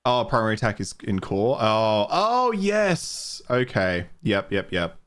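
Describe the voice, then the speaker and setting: A man's voice: lowish voice, very animated, a little slow, a bit bright, clear, resonant tone. A man with a mild Australian accent streaming a video game, chatting casually, thinking aloud and laughing easily. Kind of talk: casual live-stream commentary.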